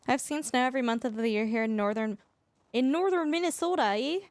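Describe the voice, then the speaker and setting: Brief: woman streamer from Canada, higher voice, giggly casual banter. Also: a little fast, no room sound. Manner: giggly, animated, laughs often between remarks. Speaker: livestreamer. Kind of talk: casual chat while playing a game live.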